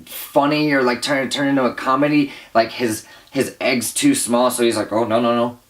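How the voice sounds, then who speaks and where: A man's voice: medium pitch, fairly even intonation, normal speed, fairly bright tone. A young man giving a casual movie review, rambling with lots of fillers, exasperated and often laughing. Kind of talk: casual profane movie rant.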